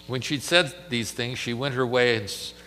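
Male preacher with a forceful voice, emphatic sermon delivery with dramatic pauses and a long hall echo. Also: medium pitch, steady tone.

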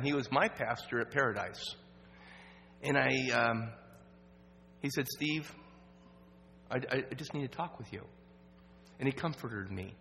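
A man tells a personal story as a sermon to a church audience. He speaks earnestly, trips over words and restarts, and drops his voice low at the heavy parts. The sound carries a long hall reverb over a faint steady hum. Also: gravelly. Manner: earnest, halting with restarts, drops to a hush at sad moments. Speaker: guest speaker at a church evening program.

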